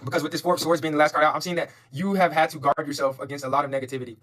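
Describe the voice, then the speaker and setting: A man rushes through a tarot reading at a breakneck clip, his voice bright and forceful. He is fervent and repetitive, stacking up affirmations like a preacher and swearing casually along the way. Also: fairly high pitch, fairly even intonation. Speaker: tarot reader.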